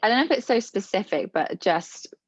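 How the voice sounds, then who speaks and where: A woman's voice: mid-range voice, animated, a little fast, no echo, highs cut off. A woman from England, a training participant asking a question in a hesitant, reflective way. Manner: hesitant, reflective, many fillers.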